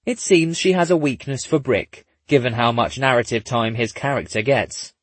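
A man narrating a story in a husky voice, dropping in dry, wry asides. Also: medium pitch, normal speed, a bit bright, dry recording. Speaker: audiobook narrator. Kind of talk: scripted narration.

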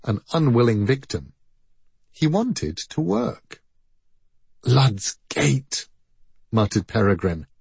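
A man reading a story aloud in measured, expressive scripted narration. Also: on the low side, breathy edge, no echo. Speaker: audiobook narrator.

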